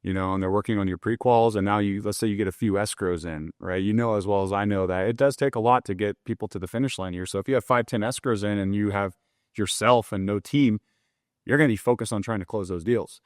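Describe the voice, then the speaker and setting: Talking fast in a lowish voice, a young mortgage loan officer appears as a podcast guest, chatting candidly and loosely with plenty of fillers in a casual interview. There's no room sound, and the audio is studio quality.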